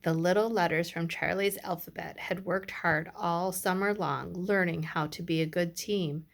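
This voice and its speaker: A woman teacher reading a picture book aloud to young children, pausing to ask them questions. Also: lowish voice, steady tone, creaky. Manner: gentle, slow, addresses the children directly.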